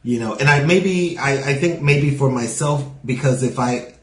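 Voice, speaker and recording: A stand-up comic appears as a guest on a casual podcast interview, chatting with many "you know" fillers in a New York accent with a Southern lilt. His voice is medium-pitched at normal speed, and the audio is roomy and poor.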